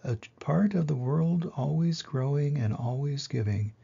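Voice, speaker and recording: A man voicing a gentle willow tree in a slow storybook reading. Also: a little high, gravelly, slightly rough, highs cut off, heavily acted.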